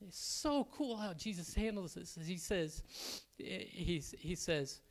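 A man speaking to a church as an elder candidate, excitable and halting, with frequent restarts. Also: high-pitched. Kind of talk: sermon-style church talk.

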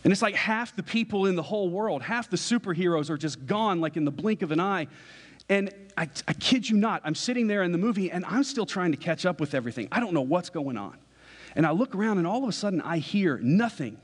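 A young man preaches in a slightly high voice, telling a story in a loose, conversational way. His words ring out with a long reverb, as if he is in a large church hall. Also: animated, a little fast, slightly rough. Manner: casual storytelling, acts out quoted dialogue. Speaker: pastor. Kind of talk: sermon illustration. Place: church sanctuary.

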